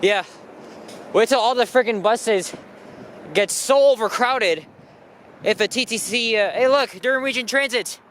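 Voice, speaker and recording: A man with a notably high-pitched voice chats loosely as he walks outdoors, trailing into fillers and restarting his sentences. He talks into a handheld camera mic on a busy street. Steady traffic and passing buses rumble loudly behind him. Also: measured pace, long pauses. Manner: rambling, animated, frequent fillers and restarts. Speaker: walking vlogger. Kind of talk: casual walking commentary. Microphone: handheld camera mic while walking.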